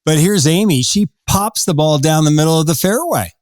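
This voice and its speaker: Male host, playful and enthusiastic, very lively pitch swings, dry close mic. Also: normal speed, dry recording. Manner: enthusiastic, playful, laughs easily. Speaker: podcast host. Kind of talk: casual interview chat.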